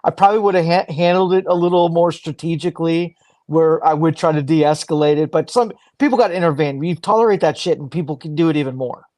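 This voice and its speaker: A man on a podcast in casual chat, giving a measured, thoughtful opinion. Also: on the high side, darkish tone, no room sound.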